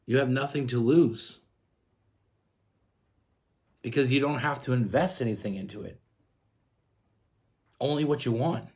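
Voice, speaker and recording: A man's voice: medium pitch, darkish tone. A man from Canada giving a casual tarot love reading, earnest and rambling with frequent restarts. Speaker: tarot reader.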